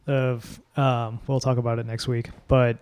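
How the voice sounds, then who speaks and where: A man's voice: medium pitch, level tone, unhurried, a little mellow, clear, resonant tone. Casual swearing man reviewing films. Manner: swears freely, offhand film commentary. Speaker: podcast co-host. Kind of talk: casual chat.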